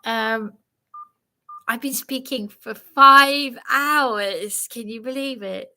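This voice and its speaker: A woman's voice: on the high side, takes it slowly, sharp tone. A woman live streaming, talking in a flustered, agitated and apologetic way. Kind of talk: rambling live-stream chat.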